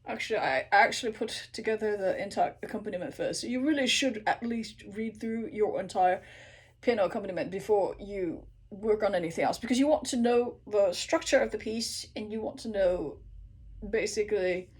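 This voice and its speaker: A woman and native English speaker teaching how she practices an aria, who breaks into slow sung Italian phrases and asks "okay?" again and again. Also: mid-range voice, breathy edge. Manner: repeats sung Italian phrases slowly, checks in with "okay?" constantly. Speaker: singer teaching her practice method. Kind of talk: casual vocal tutorial.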